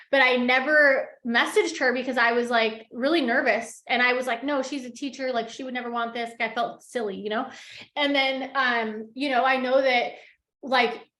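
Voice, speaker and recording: Fired-up high-voiced woman coaching her team. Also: a bit bright, roomy sound. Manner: fired-up, casual, lots of fillers like "like" and "you guys". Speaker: network marketing team leader. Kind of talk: motivational talk to her team.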